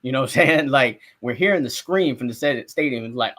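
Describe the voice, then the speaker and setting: Animated storytelling man from South Florida. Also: medium pitch, fairly quick. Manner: animated storyteller who acts out his own reactions and swears freely. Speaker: sports podcast co-host and reporter. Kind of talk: casual sports talk.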